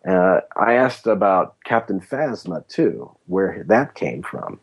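A man as guest journalist on a podcast, telling stories in a lively, rambling way with many fillers. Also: deep voice, slow, slightly rough, highs cut off. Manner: animated storytelling, lots of fillers. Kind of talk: casual podcast interview.

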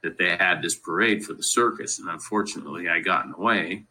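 A man's voice: deep voice, fairly quick, pushed and bright, slightly rough, low-quality recording. A man from Colorado, a podcast guest, telling family stories in a casual, rambling way and leaning on "you know" constantly. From Colorado, USA. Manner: laughs through funny family stories. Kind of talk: casual interview storytelling.

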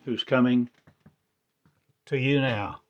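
Man, religious monologue, incantatory, fragmented phrasing, very slow delivery, muffled lo-fi sound. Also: mid-range voice, fairly even intonation. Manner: cryptic, incantatory, with broken phrasing. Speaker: self-styled religious speaker.

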